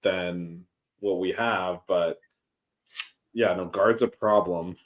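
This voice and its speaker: A man's voice: sits low, steady tone, takes it slowly. A man hosting a casual sports chat, rambling with many fillers and restarts. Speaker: sports podcast host.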